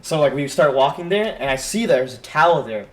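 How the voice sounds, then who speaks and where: A man's voice: on the high side, lively intonation, fairly quick. A young man telling a story on a casual podcast, rambling with lots of fillers and acted-out quotes from his friends.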